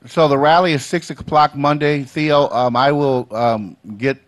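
A man's voice: on the high side, steady tone, unhurried. A man, a state representative, speaking earnestly on a talk show and repeating words as he builds his point. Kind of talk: political advocacy on a talk show.

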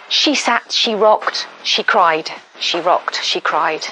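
A woman interviewed as a friend in a documentary, recounting events in a deliberate, careful way. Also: lowish voice, pushed and bright, soft background music, poor audio.

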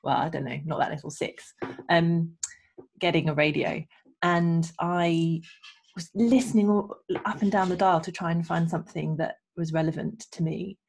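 A woman guest on a video call, telling her career story in an animated way with frequent laughs. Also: on the low side, normal speed, creaky, slightly rough. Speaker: guest, radio producer and engineer. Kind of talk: casual interview chat.

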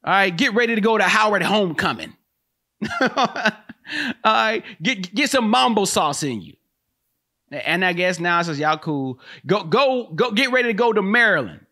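A man's voice: on the high side, sharp tone, no room sound, clean studio sound. A man hosting a podcast, riffing comedically in a rambling way with lots of slang and laughter.

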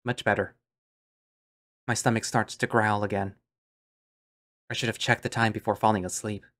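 A man's voice: fairly low pitch, little pitch movement, moderate pace, fairly bright tone. A man narrating an audio drama in first person, musing and understated.

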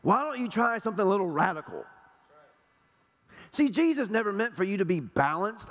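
A man's voice: sits high, sing-song, normal speed, fairly bright tone, big-room sound. A man preaching a sermon to a church congregation, emphatic, hammering home repeated rhetorical questions. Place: church sanctuary.

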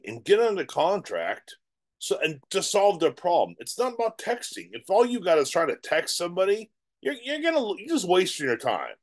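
A middle-aged man giving real estate advice straight to camera, animated and emphatic, often repeating his words. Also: fairly high pitch. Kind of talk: direct-to-camera advice talk.

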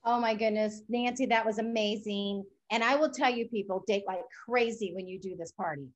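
A woman's voice: medium pitch, normal speed. A woman host wrapping up with enthusiastic, emphatic praise. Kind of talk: enthusiastic wrap-up.

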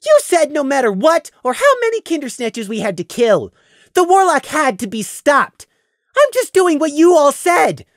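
A man voicing Prey, a stubborn, defensive young trap-maker who shouts accusations in an audio drama. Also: extremely high pitch, big pitch swings, normal speed, no room sound, studio quality, pitched above the performer's own voice, heavily acted.

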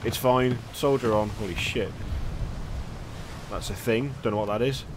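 A man's voice: medium pitch, unhurried, background noise. A man chatting casually as a gameplay host, rambling with jokey asides. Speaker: gaming channel host.

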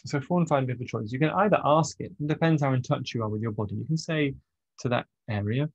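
Male coach, gravelly husky voice, loose conversational delivery, dry muffled recording. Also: mid-range voice, fast, no echo. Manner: relaxed, conversational, many ums and restarts. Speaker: trauma coach. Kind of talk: casual teaching monologue.

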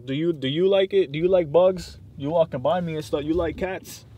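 A man's voice: a little high, brisk, mellow. A young man vlogging from inside his car, talking loose and slangy, peppered with "like" and swearing, tired and sleep deprived. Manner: loose slangy rambling, heavy use of "like", cursing. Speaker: YouTube vlogger. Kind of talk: casual vlog talk to camera.

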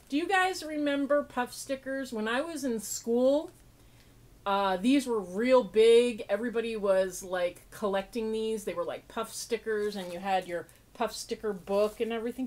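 A woman podcast host with a fairly high, slightly mellow voice speaks unhurriedly while opening mail in a casual unboxing chat. She gushes, laughs often, and makes sarcastic, self-mocking jokes about herself.

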